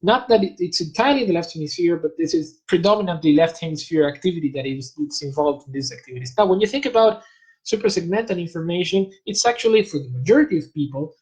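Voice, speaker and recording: A man's voice: a little high, expressive, darkish tone, low-quality recording. Man explaining like a lecturer. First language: Spanish. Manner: measured, lecturing, pauses to search for terms. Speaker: guest expert. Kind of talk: explanatory academic talk.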